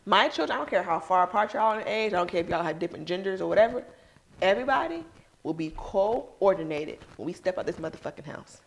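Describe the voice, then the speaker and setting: A woman's voice: fairly low pitch, lively intonation, quick pace. A young adult woman co-hosting a podcast, talking casually, laughing through her stories and swearing casually. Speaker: podcast co-host. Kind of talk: casual chat.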